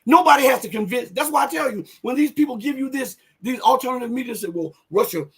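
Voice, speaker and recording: A man with a strikingly high, husky voice delivers live political commentary. He talks with fiery conviction, hammering home points with repetition and climbing almost to a shout when he presses hardest. The delivery is rhetorical and driven. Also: quick pace. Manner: impassioned, rhetorical, repeats phrases for emphasis; voice rises to near shouts on key points.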